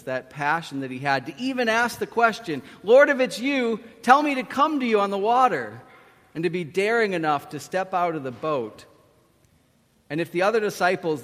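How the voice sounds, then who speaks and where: A man preaching a storytelling sermon, animated, acting out the quotes he tells. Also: on the high side. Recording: long hall reverb.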